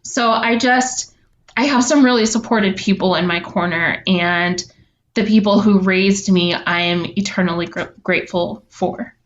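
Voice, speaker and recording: A woman's voice: medium pitch, unhurried. A young woman telling her story as a podcast guest, earnest and reflective, with frequent ums. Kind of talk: heartfelt interview storytelling. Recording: slightly dull lo-fi audio.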